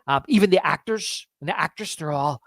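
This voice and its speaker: A man's voice: on the high side, a little fast, vocal fry, no room sound. A man co-hosting a podcast, chatting casually and eagerly about a film scene by scene and quoting its lines. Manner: enthusiastic, quotes lines from the film. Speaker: podcast co-host. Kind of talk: casual movie review chat.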